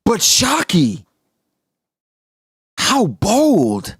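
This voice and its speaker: An excitable man gives casual reaction commentary, his voice gravelly and a little husky. His pitch swings widely as he exclaims and jokes. The sound is dry and close. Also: a little slow, long pauses, no room sound. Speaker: manga reaction streamer.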